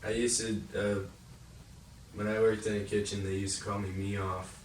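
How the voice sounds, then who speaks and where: A man's voice: fairly low pitch, level tone, moderate pace. A young man, a stand-up comedian, chatting casually as a podcast guest, rambling and swearing as he tells stories. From Rhode Island, United States. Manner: rambling, swearing, acts out voices in anecdotes. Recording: echoey room, distant mic, noisy.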